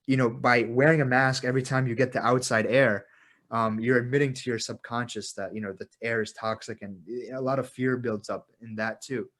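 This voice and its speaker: A man with a mid-range voice hosts a podcast in relaxed, casual conversation. He is quick to agree and affirm his guest, and states his own views bluntly. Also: medium pitch. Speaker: podcast host.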